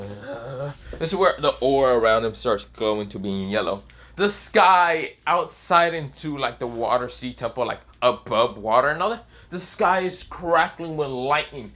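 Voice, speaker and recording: A man's voice: mid-range voice, a bit bright. Rambling young man telling a fan story. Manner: rambling, filler-heavy, swears casually. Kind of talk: casual improvised fan story narration.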